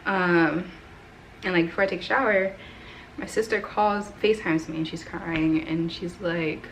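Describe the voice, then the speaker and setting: A woman's voice: lowish voice, steady tone, measured pace, a little hiss or hum. A woman in her twenties telling a personal story to her camera at home, talking casually with lots of "like" and "right?". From United States. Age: 20s. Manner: rambling, heavy use of "like" and "right?". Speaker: vlogger. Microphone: camera mic.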